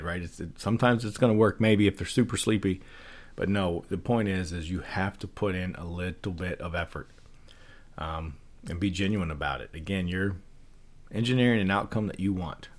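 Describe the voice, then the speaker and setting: A deep-voiced man hosts a casual solo podcast on persuasion and parenting, speaking at a moderate pace. His delivery is loose and conversational, with frequent fillers and rhetorical "right?" questions.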